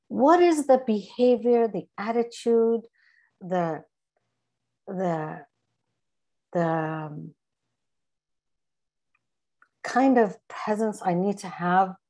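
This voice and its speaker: A middle-aged woman from Iran with an English accent speaks as a guest in a mellow, mid-range voice. Her reflection is earnest and emphatic, and she repeats her key phrases.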